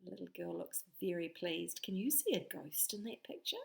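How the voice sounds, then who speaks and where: A woman's voice: on the low side, normal speed, gravelly. A woman reading a picture book aloud to children, playful and inviting them to join in. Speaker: storyteller.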